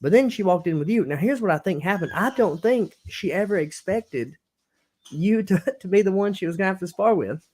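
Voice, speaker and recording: Young man hosting a podcast, slightly high voice, loose rambling storytelling with frequent laughs. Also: animated, a little fast, a little mellow. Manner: laid-back, rambling, laughs often. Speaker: podcast host. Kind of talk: casual storytelling chat.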